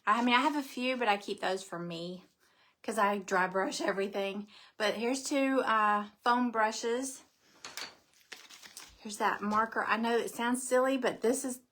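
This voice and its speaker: A woman's voice: fairly high pitch, a bit bright. A middle-aged woman, hosting a casual craft live stream, chatty and bubbly, greeting viewers by name.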